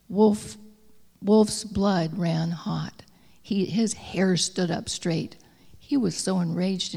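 Slow, whispery woman storyteller in a hall. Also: medium pitch, vocal fry. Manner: slow, drawn-out reading that drops often to a soft whisper. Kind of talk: read-aloud storytelling.

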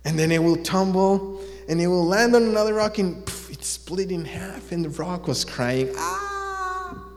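A man telling a story to listeners in an animated, drawn-out way, asking them questions as he goes. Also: sits high. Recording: long echo of a large hall.

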